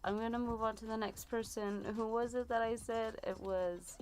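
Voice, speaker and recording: A woman's voice: fairly high pitch, fairly even intonation, moderate pace, darkish tone. Chatty woman giving a tarot reading. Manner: chatty, rambling with many fillers. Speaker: tarot reader. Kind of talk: live-stream tarot reading.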